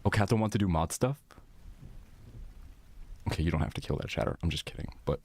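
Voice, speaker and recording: Reacting to his viewers' comments, a deep-voiced male streamer talks casually with his live chat, animated, a little fast and a little mellow. His thoughts trail off unfinished as he rambles, and he swears without holding back.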